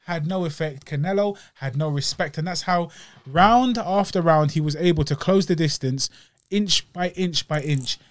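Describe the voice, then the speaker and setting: A man's voice: on the high side, moderate pace. A man with a London accent, co-hosting a podcast and critiquing a boxing match in casual, slangy chat. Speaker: podcast co-host.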